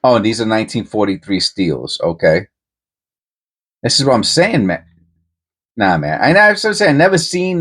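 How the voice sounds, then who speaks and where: A man's voice: on the low side, big pitch swings, normal speed, pauses often, fairly bright tone, husky. A man hosting a coin-hunting channel, talking casually and rambling with many restarts and self-interruptions. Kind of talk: casual commentary to camera.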